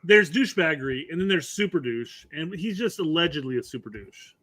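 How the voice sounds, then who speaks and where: A man's voice: a little high, animated, fairly quick, bright, forceful tone. A man co-hosting a soccer podcast, swearing and laughing through casual banter. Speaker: podcast co-host. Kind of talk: casual sports chat.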